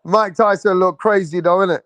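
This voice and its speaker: A man hosts a boxing show in a loose, slangy livestream chat aimed right at his viewers. His voice sits somewhat high for a man. The sound is dry and close, with no room echo. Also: fairly even intonation, normal speed, a bit bright. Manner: slangy, laughing, talks straight to viewers.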